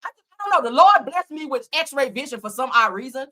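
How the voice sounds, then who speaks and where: A woman on her own channel tearing into a reality show in a blunt, cursing, sarcastic rant. Her voice sits high and bright and swoops up and down as she goes off. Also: lively intonation, brisk. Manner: blunt, profane, heated, sarcastic. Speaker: host. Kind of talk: ranting reality TV commentary.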